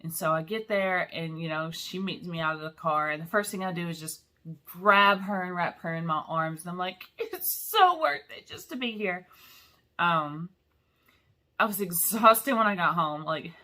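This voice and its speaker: A middle-aged woman talks casually to her viewers in a bright, forceful voice that sits a little low. She is chatty and emotional and laughs between sentences. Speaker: vlog host. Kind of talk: casual chat.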